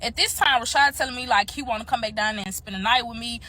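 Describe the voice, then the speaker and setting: A young woman telling a story to her viewers in a casual, animated way, swearing freely and talking straight to the audience. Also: fairly high pitch, quick pace. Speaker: storytime vlogger.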